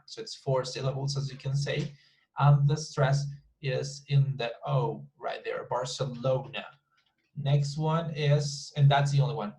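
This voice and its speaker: A man's voice: mid-range voice, steady tone, a little slow, creaky, a little mellow, poor audio. Man teaching an English class. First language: Spanish. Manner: repeats words to model pronunciation, many restarts. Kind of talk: online class explanation.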